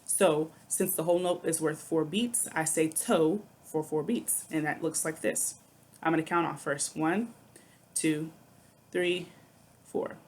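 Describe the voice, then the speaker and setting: A woman's voice: low-pitched, normal speed, a little mellow, slight background noise. A woman music teacher explaining rhythm syllables in a recorded lesson, patient and step by step, checking in with "okay".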